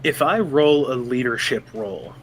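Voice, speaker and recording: A man's voice: mid-range voice, animated, a little slow, a bit bright, a little hiss or hum. A man playing a tabletop game, eagerly calling out his character's actions and talking through the rules. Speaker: player. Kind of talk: casual tabletop play.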